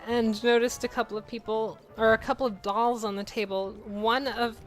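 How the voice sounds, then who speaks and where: A woman's voice: on the high side, level tone, normal speed, soft background music, rough recording. A woman co-hosting a gameplay video, reading fan fiction aloud in a casual, giggly way that keeps breaking into laughter. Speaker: co-host of gameplay channel.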